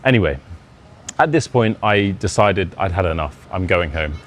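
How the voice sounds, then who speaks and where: A man's voice: sits low, expressive, moderate pace. A young British man with a Modern RP accent, an English teacher casually telling a self-deprecating personal anecdote. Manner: chatty, self-deprecating, acts out quoted dialogue.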